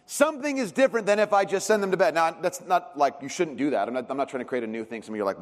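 A man preaches from the pulpit, his voice sitting a little higher than most. He tells stories with lively rises and falls in pitch and volume. The sound carries the long tail of a big hall. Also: fast, hardly any pauses. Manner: animated storytelling with big swings in pitch and loudness. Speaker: pastor. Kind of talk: sermon. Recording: long reverb of a large hall.

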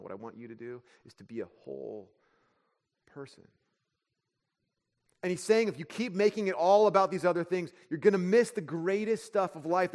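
A man's voice: a little high, in a large hall. A man preaching a sermon as pastor, conversational and joking, slipping into everyday voices to make his points.

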